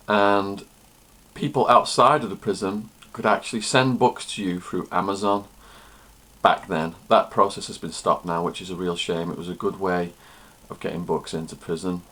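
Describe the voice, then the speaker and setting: A man's voice: on the low side, a bit bright. A man, a former prisoner and author, answering questions and telling stories to camera in a plain, matter-of-fact way. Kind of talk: storytelling to camera.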